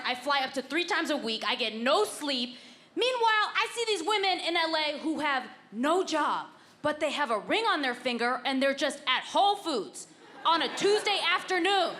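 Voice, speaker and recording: A woman's voice: high voice, noisy background. Frank, brassy woman comic in her thirties. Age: 30s. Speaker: stand-up comedian. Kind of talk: stand-up comedy set.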